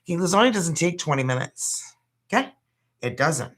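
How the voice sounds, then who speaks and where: This Canadian tarot reader has a lowish, expressive voice and keeps a moderate pace during her casual livestream. Her talk is loose and chatty, sprinkled with swearing and laughter.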